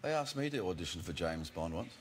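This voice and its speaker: A man's voice: sits low, sing-song, brisk, very noisy. A man in his forties, an actor guest on a chat show, telling wry, jokey stories in a loose, casual way.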